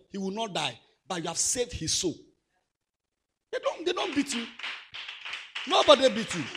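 Man, high husky voice, animated preacher exhorting youth. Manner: animated, swings from soft asides to loud exhortation. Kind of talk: sermon to young people.

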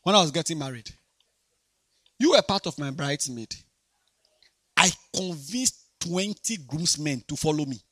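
Man, high voice, bright sharp tone, lively sermon, repeats himself. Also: normal speed, long pauses, husky, no echo, clean studio sound. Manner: animated, repetitive, swings between quiet talk and shouting. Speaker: preacher. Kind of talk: sermon to a youth congregation.

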